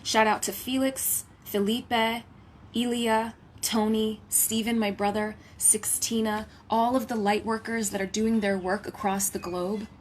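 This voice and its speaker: A woman and spiritual healer giving a channeled message. She talks in a reverent, litany-like way, slips into a hushed whisper at times, and adds playful asides. She is recording at home. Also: on the high side, flat delivery, a little slow, slight background noise.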